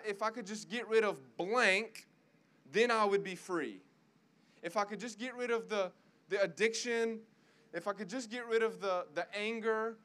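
A man's voice: high voice, fairly bright tone. A young man preaching a sermon to college students with an urgent, fervent delivery that repeats key lines. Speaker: guest preacher.

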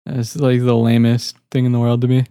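A man's voice: mid-range voice, monotone, brisk, mellow, smooth, no room sound, clean studio sound. A young man co-hosting a crude podcast chat, joking, laughing a lot and filling his talk with "like". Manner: jokey, laughs a lot, full of "like". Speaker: podcast co-host.

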